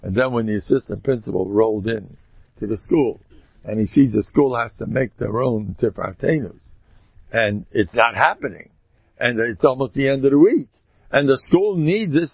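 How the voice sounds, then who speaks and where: A man giving a storytelling sermon, talking in an animated way with sudden loud, emphatic rises. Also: mid-range voice, slightly rough, no echo. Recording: dull lo-fi dry recording.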